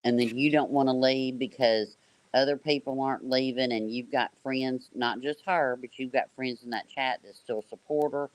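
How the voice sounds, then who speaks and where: A man's voice: mid-range voice, fairly even intonation, normal speed, no echo. A man hosting a live-stream panel in a soothing, reassuring way, calling people honey and baby.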